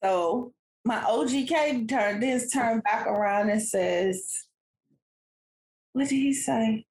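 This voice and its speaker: A woman, casually telling a family story as a podcast co-host, animated and laughing often. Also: fairly high pitch, slow pace. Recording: echoey room.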